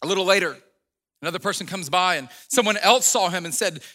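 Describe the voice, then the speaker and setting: Pastor preaching a sermon in a chatty storytelling way. Man with a high, piercing voice. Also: animated, a little fast, pushed and bright, long reverb tail. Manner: conversational storytelling, acts out quotes, frequent restarts.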